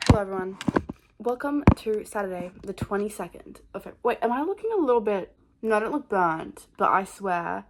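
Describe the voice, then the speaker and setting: A young woman talks straight to her camera in a loose, rambling vlog chat. She tells everyday stories with lively, animated energy and peppers nearly every phrase with "like.". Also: medium pitch, normal speed, a little hiss or hum. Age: young adult. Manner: rambling, full of "like" fillers, animated storytelling. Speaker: vlogger.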